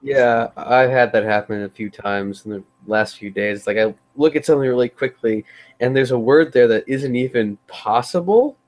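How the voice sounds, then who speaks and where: A man's voice: mid-range voice, normal speed, a little mellow. A man with a mid-range voice chats on a podcast. He tells his stories in a dry, matter-of-fact way. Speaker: podcast co-host. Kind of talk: casual chat.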